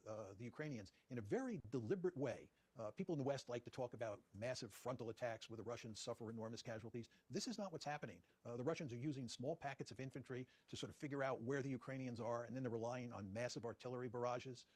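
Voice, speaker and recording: A man, a professor being interviewed, giving measured, deliberate answers and repeating his key points. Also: mid-range voice, a little mellow, breathy edge, dry recording. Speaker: guest professor.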